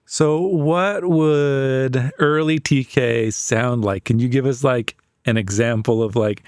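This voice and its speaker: Man, podcast host, slow pace, dry sound, relaxed gentle questioning. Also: medium pitch, dry recording. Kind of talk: casual interview.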